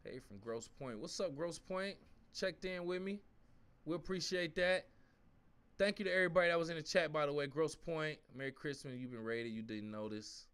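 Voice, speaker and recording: A young man hosting a live-stream sports watch-along, casual and slangy, switching between low mumbled asides and loud outbursts at the plays. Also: normal speed, smooth. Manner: excitable, swings from mumbling asides to shouting at the game; uses slang like fam and bro.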